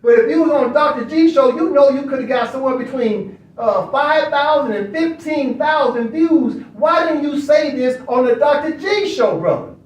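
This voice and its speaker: A man with a very high voice hosts a study session and lectures in a casual, preachy way. He keeps circling back with rhetorical questions. He sits well back from the mic in a room that rings with echo. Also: moderate pace. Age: adult. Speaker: online study session host. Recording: echoey room, far from mic.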